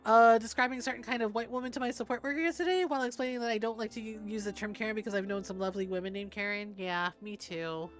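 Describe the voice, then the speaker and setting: A woman chats casually while she streams a game, her voice sitting a little high. She tells stories in an animated, unfiltered way, swearing freely and laughing often. Soft game music plays underneath. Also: quick pace, hardly any pauses.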